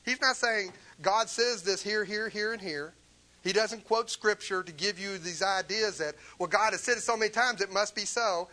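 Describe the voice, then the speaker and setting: An impassioned male preacher delivering a sermon. His voice sits a little high and rings bright and forceful. He drives his points home with emphatic rhetorical questions. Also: normal speed, low-quality recording.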